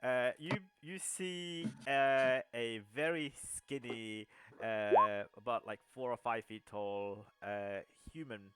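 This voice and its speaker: A young man narrating a tabletop game as game master, halting with many fillers and restarts. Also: mid-range voice, fairly bright tone, faint music behind.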